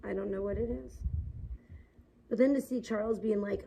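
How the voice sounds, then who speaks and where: A woman's voice: mid-range voice, normal speed, gravelly, long pauses, dark tone, a little hiss or hum, low-quality recording. A woman livestreaming outdoors in the sun, rambling and gossiping in a casual, filler-heavy way.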